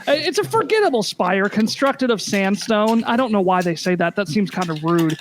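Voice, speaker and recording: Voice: medium pitch, lively intonation, normal speed, noisy background. A game master narrating a tabletop game, hesitant and full of fillers and restarts.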